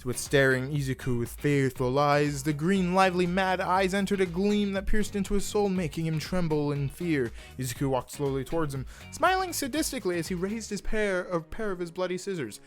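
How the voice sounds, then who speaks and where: A man's voice: sits high, brisk, few pauses, faint music behind. A young man reading fan fiction aloud in a casual way, stumbling over words and adding asides. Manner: animated, stumbles over words, laughs at the text.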